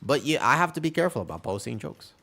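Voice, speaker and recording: Animated man streaming gameplay commentary. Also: medium pitch, fast talker, gravelly. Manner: animated, rambling, mixes callouts with banter. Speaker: game streamer and tank player. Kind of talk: live gameplay commentary and chat with viewers.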